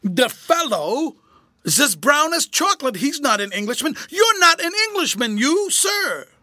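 A nervous old general with a trembling, choking voice, as a narrator puts him on. The voice rides high and swings wildly in pitch, bright and forceful. Recorded dry and close. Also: male voice, very animated, normal speed, no echo, exaggerated voice. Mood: alarmed. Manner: quivering, gasping, choking voice. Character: agitated older male general, terrified and quavering.

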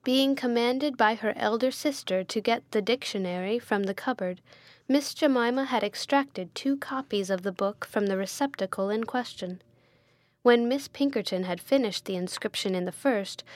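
A woman narrating a classic novel in a measured, formal reading style. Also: on the high side, no room sound. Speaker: audiobook narrator.

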